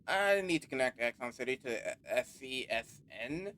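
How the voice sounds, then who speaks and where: A man's voice: medium pitch, lively intonation, normal speed, fairly bright tone, natural voice. A man doing a laid-back electrician. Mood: easygoing. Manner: easygoing, says "mate" and "no worries". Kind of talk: reading game dialogue aloud.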